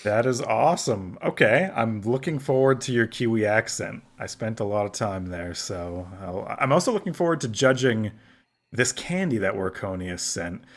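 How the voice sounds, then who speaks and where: A man's voice: on the low side, animated, normal speed. A man hosting a casual gaming podcast, easygoing, moving the talk along with curious questions. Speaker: podcast host.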